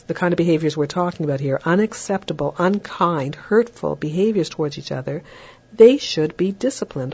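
A woman giving a recorded parenting lecture in a chatty way, breaking into a lilting higher voice when she acts out what a parent might say. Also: darkish tone, slightly rough. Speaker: parenting educator. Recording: dull lo-fi recording.

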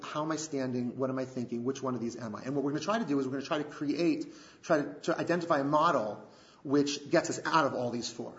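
Man teaching a workshop, fairly high voice, echoey room, muffled lo-fi recording. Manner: animated, asks audience rhetorical questions. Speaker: workshop leader. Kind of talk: relationship workshop lecture. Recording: echoey room, dull lo-fi sound.

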